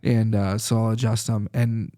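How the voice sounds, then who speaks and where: A man who is a chiropractor, a guest on a podcast, telling lively stories in casual conversation and laughing often. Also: lowish voice, moderate pace. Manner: lively anecdotal storytelling with frequent laughs.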